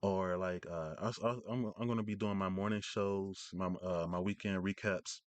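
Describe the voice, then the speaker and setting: A man's voice: low-pitched, steady tone, normal speed, dry recording. A man hosting a casual live stream, rambling through news with many fillers and restarts from his home setup.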